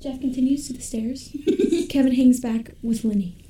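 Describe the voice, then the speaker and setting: Brief: young woman host, bright-pitched, narrates scenes breezily, roomy sound from off-mic. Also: normal speed. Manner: laughing often, breezy narration. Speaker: podcast host. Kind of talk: narrating a casual table read. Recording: roomy, from a distance.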